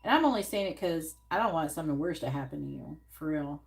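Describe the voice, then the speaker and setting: A woman's voice: sits low, lively intonation, fast, gravelly. A woman giving frank, swear-laden advice as a psychic tarot reader on a live stream, coaching the client on what to say.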